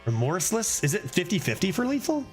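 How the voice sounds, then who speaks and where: Guy streaming a card game, chatty and excitable, faint music under him. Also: fast. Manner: excitable, thinks aloud, sometimes drops to a low put-on voice. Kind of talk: casual gameplay commentary.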